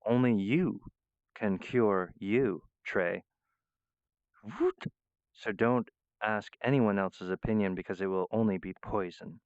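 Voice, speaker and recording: A man's voice: on the low side, fairly even intonation, unhurried, clear, resonant tone, no room sound, dull audio. A man rambling through a profane, meandering monologue, often breaking off mid-phrase. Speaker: vlogger.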